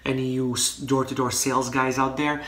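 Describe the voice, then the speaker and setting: Male vlogger, bright tone, roomy office echo, chatty and rambling with ums and restarts. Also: mid-range voice, little pitch movement, a little fast. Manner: rambling, grateful, frequent fillers and restarts. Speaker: online marketing vlogger. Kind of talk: casual vlog talk to camera.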